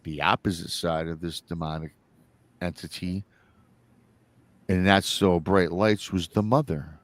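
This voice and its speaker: A man's voice: low voice, fairly even intonation, a little slow, dry recording. A man hosting a live show, retelling a listener's story in a rambling, casual way and acting out the quoted lines. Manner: rambling, repeats himself, acts out quoted lines.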